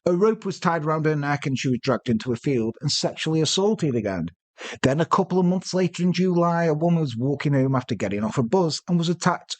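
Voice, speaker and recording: A man co-hosting a podcast, telling a true-crime story with joking, deadpan asides. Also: on the high side, no room sound. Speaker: podcast co-host.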